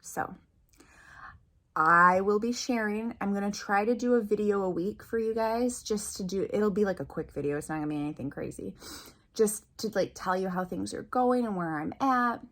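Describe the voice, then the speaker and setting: A woman in her thirties speaks straight to her viewers in a personal vlog update. Her voice sits at an ordinary middle pitch, and her delivery is earnest and chatty, with an open, heartfelt tone. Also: normal speed, fairly bright tone. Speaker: vlogger.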